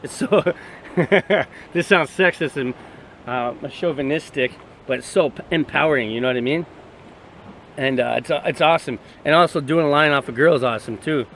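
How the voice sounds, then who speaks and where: A man's voice: a little high, normal speed, fairly bright tone, slight background noise. A man telling a crude story in a rambling, swearing, casual way to his vlog camera outdoors by the sea. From Canada. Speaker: vlogger.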